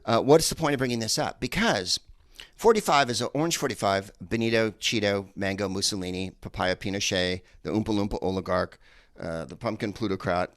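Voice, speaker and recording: A man with a lowish voice works through a stand-up comedy set, meandering and full of filler sounds. The sound is dry and close, with no room around it. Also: a bit bright, no room sound. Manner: rambling, hesitant delivery with many fillers.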